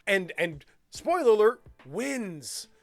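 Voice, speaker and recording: Lively man gushing in casual chat. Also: high voice, takes it slowly, vocal fry, no echo. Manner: enthusiastic, animated, laughs often. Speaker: podcast co-host.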